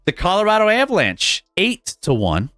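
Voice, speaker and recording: On his live sports betting show, an animated host talks sports at a moderate pace, his fairly high voice rising and falling as he chuckles and trips over words before restarting. Faint music sits under dry, close-miked sound.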